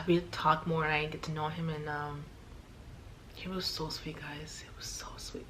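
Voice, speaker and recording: A young woman vlogger telling a personal story in a heartfelt, emotional way, with many sighs and pauses. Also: lowish voice, a bit bright, slight background noise.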